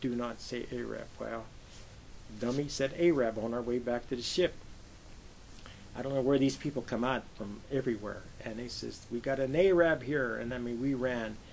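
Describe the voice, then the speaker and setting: Gravelly older man telling war stories. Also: mid-range voice, normal speed, slight background noise, rough recording. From Pennsylvania, USA. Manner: lively anecdotal storyteller, acts out quoted voices. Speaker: Navy veteran interviewee. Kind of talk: oral history storytelling.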